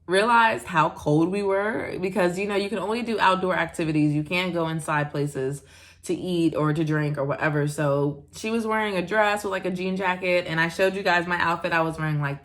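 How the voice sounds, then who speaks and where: A woman's voice: on the low side, fairly bright tone. A young American woman from the United States, narrating a casual travel vlog in a chatty way with frequent fillers and little laughs. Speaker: vlogger.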